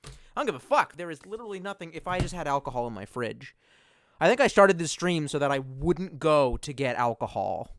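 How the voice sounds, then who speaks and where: A man's voice: a little high, very animated, fairly quick, a bit bright, dry recording. A man chatting casually and profanely on a livestream, rambling from one thought to the next with self-mocking asides. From United States. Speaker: streamer.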